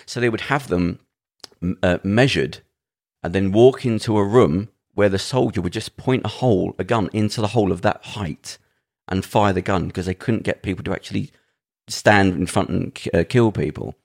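A man's voice: sits low, normal speed, gravelly. A man co-hosting a podcast, telling a story in a rambling, earnest way with frequent restarts. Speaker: podcast co-host. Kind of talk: casual podcast chat.

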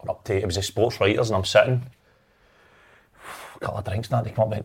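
A Scottish man in his thirties, a former footballer telling stories in a casual chat, animated and acting out what others said. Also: on the low side, racing, slightly rough. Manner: animated, acts out quotes, laughs while telling.

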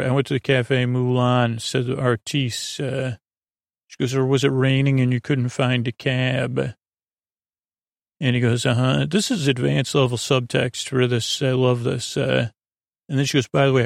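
A man hosting a podcast, loosely retelling an episode as a soft bedtime story, full of filler words. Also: mid-range voice, flat delivery, unhurried, creaky, dry recording, clean studio sound. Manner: loose, drowsy, full of "uh" and "he goes".

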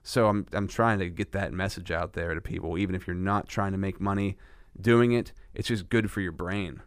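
A fairly low-voiced man hosting a podcast, chatting in a loose, animated way. He restarts sentences often and laughs easily. The sound is dry and close, with no room around it. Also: normal speed, clear, resonant tone, dry recording. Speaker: podcast host. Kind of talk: casual conversation.

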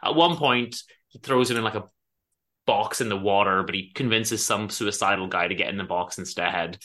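A man's voice: fairly low pitch, normal speed. A man co-hosting a casual book podcast, retelling stories with animation and many ums along the way. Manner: animated storytelling, acts out characters; many ums and self-corrections. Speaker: podcast co-host.

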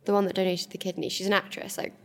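A woman's voice: mid-range voice, flat delivery, racing, a bit bright. A young woman, co-hosting a podcast in casual chat and trailing off with "like" and "whatever". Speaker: podcast co-host.

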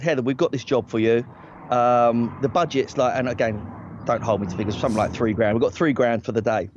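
Lying in a hammock outdoors and speaking through earbuds, a guest in his forties who works as a talent agent shares casual anecdotes, rambling and restarting often, laughing and poking fun at himself. His mid-range voice is a little mellow, and the recording has no echo, sounding dry and slightly dull.

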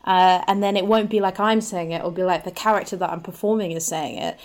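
A woman's voice: on the low side, steady tone, fast, a little mellow. A woman guesting on a comedy panel podcast, chatting in a rambling way with lots of fillers. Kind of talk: casual comedic panel chat.

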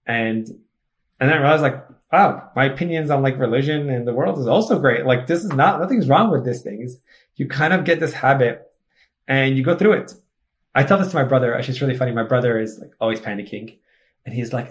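A man's voice: mid-range voice, lively intonation, a little fast. A man from Egypt with no foreign accent, a podcast guest talking casually and self-assuredly, full of "like". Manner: chatty, peppered with "like", upbeat and self-assured. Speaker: podcast guest, student mentor. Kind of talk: casual conversation.

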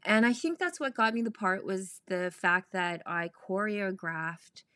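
A woman, actress, podcast guest, animated storyteller, laughing often, mid-pitched, dry studio sound. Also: measured pace, no echo. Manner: animated, laughing, acts out quoted voices. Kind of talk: casual storytelling interview.

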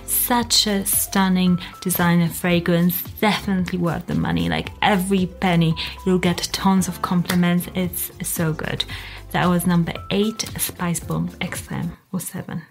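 A woman's voice: on the low side, unhurried, soft background music. A young woman doing a casual countdown review of fragrances, talking in a gushing, enthusiastic way with lots of fillers.

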